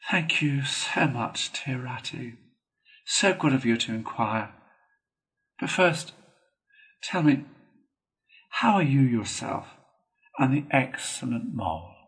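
A man reading a storybook, voicing a languid, self-pitying male toad in a feeble, drawn-out, plaintive manner. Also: mid-range voice, lively intonation, a bit bright.

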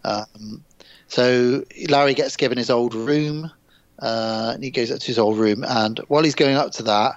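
A man's voice: mid-range voice, dry recording, highs cut off. A man co-hosting a podcast, eagerly recounting a horror comedy's plot. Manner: enthusiastic, recounts plot with quick asides. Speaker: podcast co-host. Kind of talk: casual film review chat.

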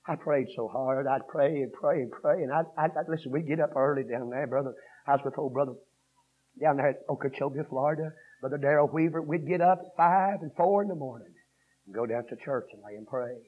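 A man preaching a revival sermon, swinging from hushed storytelling to shouted 'uh'-punctuated cadences. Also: medium pitch, a little fast. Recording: dull lo-fi sermon recording.

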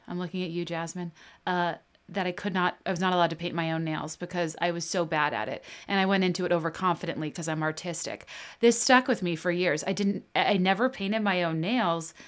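A woman hosting a podcast, chatty and self-deprecating, reading an ad in her own casual way. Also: lowish voice. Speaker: podcast host. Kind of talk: podcast chat and host-read ad.

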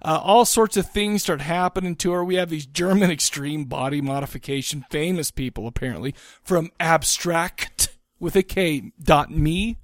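A man's voice: a little high, moderate pace, dry recording, clean studio sound. A man co-hosting a horror podcast, chatting casually about a film in a rambling, profane way and acting out the characters' lines. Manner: rambling, profane, acts out quotes. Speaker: podcast co-host. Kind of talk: casual movie review chat.

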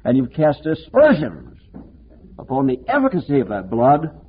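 A man preaching a sermon with passion, moving from emphatic declarations to hushed, low-spoken lines. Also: wildly swooping pitch, moderate pace, breathy edge. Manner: impassioned preaching, swinging between emphatic and hushed. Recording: tinny lo-fi phone-like recording.

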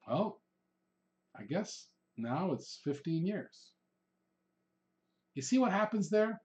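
A man's voice: sits high, big pitch swings, slow pace, pauses often, a little mellow, dull audio. A middle-aged man giving instructional sales advice in a conversational way, acting out short exchanges with customers. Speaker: real estate trainer, podcast host. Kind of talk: instructional talk.

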